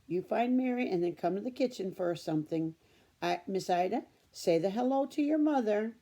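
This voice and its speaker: A woman's voice: mid-range voice, expressive, moderate pace, warm tone, pitched above the performer's own voice. A woman voicing a plump, welcoming older farm wife with a German accent and homey broken English. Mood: friendly.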